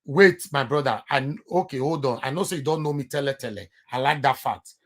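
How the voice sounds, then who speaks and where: A man with a Nigerian Pidgin accent talking politics in casual chat, calm and measured. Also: medium pitch. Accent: Nigerian Pidgin English.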